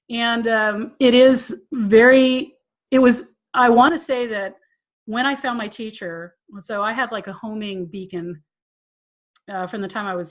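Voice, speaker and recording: A woman's voice: medium pitch, a bit bright. A woman tantra teacher hosting a live Q&A, telling stories in a chatty, self-mocking way and laughing often. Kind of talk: casual storytelling to a live audience.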